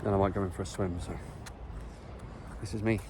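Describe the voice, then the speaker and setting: A relaxed, chatty Englishman vlogging on a beach, swearing casually as he talks into a handheld phone. His voice sits fairly low. Clear outdoor wind and surf noise runs under the whole recording. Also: a little fast. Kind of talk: casual vlog narration.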